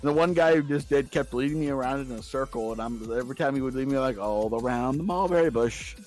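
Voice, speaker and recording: A man as a podcast guest, telling playful stories in casual chat, breaking into squeaky voices for quotes, with faint music underneath. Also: steady tone, fast talker, darkish tone.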